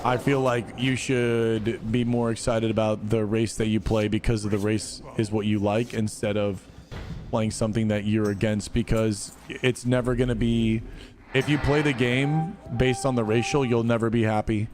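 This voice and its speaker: A man's voice: fairly low pitch, little pitch movement, moderate pace, over music. Laid-back slangy male game streamer. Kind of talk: casual live-stream chat.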